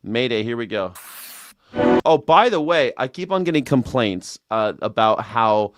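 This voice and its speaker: A man's voice: medium pitch, animated, measured pace, over music. A man hosting a casual livestream news and culture commentary show, rambling and jokey with self-mocking asides. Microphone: desk mic with monitors.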